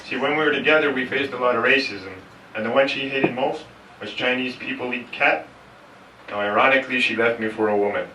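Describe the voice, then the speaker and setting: A man's voice: medium pitch, pushed and bright, slight background noise. A middle-aged man, doing a blunt, swearing stand-up set that slips between English and French. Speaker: stand-up comedian. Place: comedy club stage. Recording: echoey club room, mic heard from a distance.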